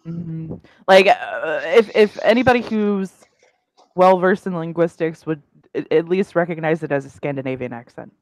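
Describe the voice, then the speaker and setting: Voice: mid-range voice, moderate pace, dry recording, poor audio. A player in a tabletop game who laughs often and swears casually, describing a character. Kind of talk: tabletop role-play chat.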